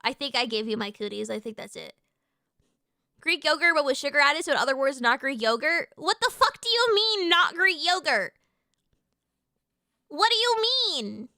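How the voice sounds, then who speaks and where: A woman streamer chatting casually with her live chat, excitable and swearing freely, with lots of fillers and restarts. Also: sits high, normal speed, long pauses, dry recording, studio quality.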